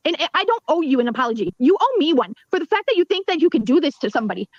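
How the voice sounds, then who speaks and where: A woman's voice: high voice, big pitch swings, rapid-fire, darkish tone, dry recording. A woman hosting a livestream, ranting angrily with lots of swearing. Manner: angry, profane, emphatic. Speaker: livestream host. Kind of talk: heated livestream rant. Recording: dull lo-fi stream audio.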